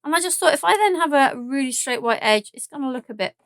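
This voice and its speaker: A woman's voice: sits high, expressive, fast talker, no room sound. Chatty southern English woman demonstrating crafts. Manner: chatty and self-deprecating, thinking aloud while working. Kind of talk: live-stream craft demonstration.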